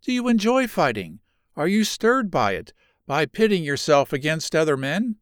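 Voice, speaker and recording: A man reading the part of a curious, eager young woman who presses with questions, raising his voice higher for her. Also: sing-song, normal speed, clean tone, no echo, studio quality.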